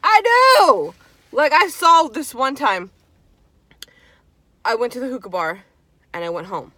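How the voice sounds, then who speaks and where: A young woman vlogger telling a spooky story in casual chat, animated and swearing freely. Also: fairly high pitch, measured pace, no room sound. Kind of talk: casual storytime while eating.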